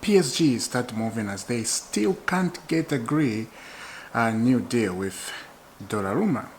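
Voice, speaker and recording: Male football vlogger, mid-pitched, excitable, chatty, quick to laugh. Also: a little hiss or hum, low-quality recording. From Zambia. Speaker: football channel host. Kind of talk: casual football chat to camera.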